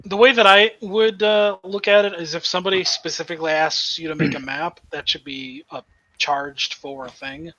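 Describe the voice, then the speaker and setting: A man at a tabletop game, chatting casually and eagerly arguing over rules. His voice is high and bright, with a sharp edge. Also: lively intonation, moderate pace, vocal fry, muffled recording. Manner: explains rules eagerly, laughs often. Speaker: player.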